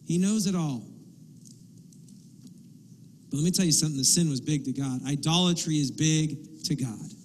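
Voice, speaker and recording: A man preaching a sermon as pastor, lively, often acting out quotes and asides. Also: a little high, normal speed, long pauses, long reverb tail, a little hiss or hum, poor audio. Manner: animated, acts out quotes and asides. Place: church sanctuary.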